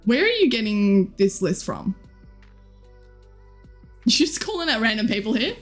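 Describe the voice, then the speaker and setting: Bubbly woman streamer, fairly high. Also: big pitch swings, unhurried, faint music behind. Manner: bubbly, giggly, teasing. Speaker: live streamer. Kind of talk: casual chat reading viewer comments.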